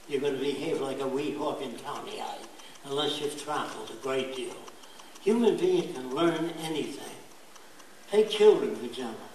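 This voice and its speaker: A blunt older man lectures with emphasis, his voice sitting a little high. He sounds distant from the mic, in a very echoey room with a faint hiss behind him. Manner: blunt, emphatic, mimics accents in quick asides. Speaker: speaker giving a talk.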